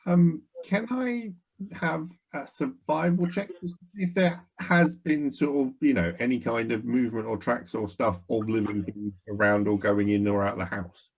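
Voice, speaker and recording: A man's voice: mid-range voice, fairly even intonation, normal speed, slightly rough. A man playing a tabletop game, asking rambling questions full of fillers. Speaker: player. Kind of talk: casual tabletop game chat. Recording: dull lo-fi sound.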